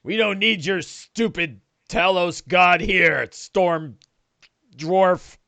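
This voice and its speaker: A man voicing a brutish veteran male orc warrior who taunts with a booming laugh. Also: very slow, gravelly, bright, forceful tone, dry recording, full character voice. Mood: taunting.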